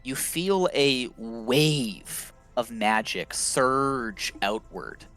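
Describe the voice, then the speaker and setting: A man running a tabletop game as game master, narrating slowly with many fillers and pauses. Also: medium pitch, animated, fairly bright tone, soft background music. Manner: slow, halting narration with fillers.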